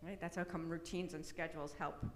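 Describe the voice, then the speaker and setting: A woman's voice: low-pitched, steady tone, brisk. Woman lecturing in an echoey hall. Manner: conversational, frequent tag questions. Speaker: presenter. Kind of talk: autism awareness talk. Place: church hall. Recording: echoey hall, long reverb.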